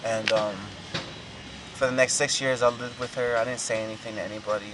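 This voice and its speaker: A man in his twenties telling his hard life story, halting and repeating himself, his voice breaking with emotion. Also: mid-range voice, flat delivery, noisy background. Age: 20s. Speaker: documentary subject. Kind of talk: emotional personal testimony.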